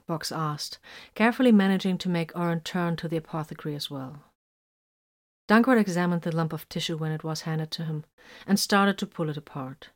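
Brief: woman narrator, lowish voice, steady story reading. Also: normal speed.

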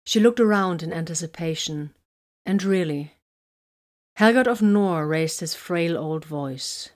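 A woman reading a science fiction story aloud in a measured, even way. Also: lowish voice. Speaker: narrator. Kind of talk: scripted narration.

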